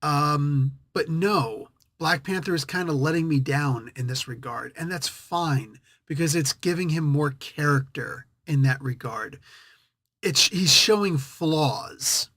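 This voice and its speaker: A man's voice: fairly high pitch, slow pace, a bit bright, dry recording. A man hosting a casual comic book review, rambling and correcting himself as he thinks aloud.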